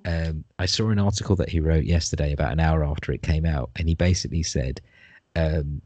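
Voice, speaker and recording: A man's voice: extremely low pitch, fairly quick, warm tone, no echo. A man in casual conversation, talking in a rambling, discursive way with the odd swear word.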